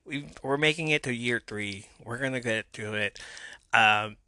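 Man, podcast host, solo casual chat; bright tense timbre, dry close sound, self-mocking and excitable. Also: mid-range voice, unhurried, dry recording. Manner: excitable, self-mocking, voice jumps up when amused.

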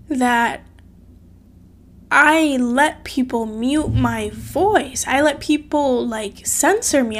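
A woman's voice: sits high, takes it slowly. A woman talking to her camera, telling a personal story in an earnest, emotional way, full of "like" fillers and repeated phrases, close to tears at times. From outside the US. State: tearful at times. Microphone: phone or camera.

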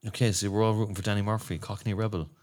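A man hosting a casual sports podcast, jokey and halting with lots of restarts. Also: fairly low pitch, little pitch movement, a little mellow. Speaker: podcast host.

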